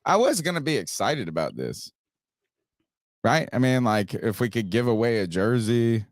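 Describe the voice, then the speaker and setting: A man's voice: medium pitch, sing-song, normal speed, no room sound, studio quality. A man hosting a sports podcast, teasing his co-hosts in a laid-back way. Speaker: podcast host. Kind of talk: casual sports podcast chat.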